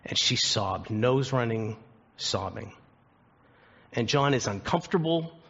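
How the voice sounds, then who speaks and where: A man preaching a sermon as a pastor, telling a story earnestly and slowing down for emphasis. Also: mid-range voice, expressive, a bit bright, lo-fi sound.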